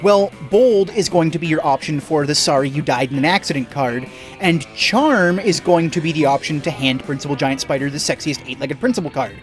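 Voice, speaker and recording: A man talking casually over a game he plays, joking and rambling, and speeding up when he gets going. His voice is mid-pitched. Soft music runs under him. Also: moderate pace. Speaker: game streamer.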